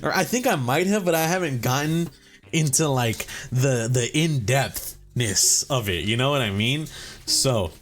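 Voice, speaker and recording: Rambling, profane man with lively pitch. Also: unhurried. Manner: rambling, profane, with many filler words; mock-serious swagger mixed with jokes. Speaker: let's play host. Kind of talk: casual gaming commentary. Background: faint game music.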